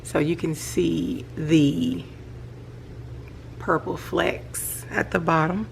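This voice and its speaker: A middle-aged woman, chatting casually about her hobby at home at night and gushing with excitement. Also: sits low, very slow, gravelly, slight background noise. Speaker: planner vlogger. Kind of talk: casual show-and-tell vlog.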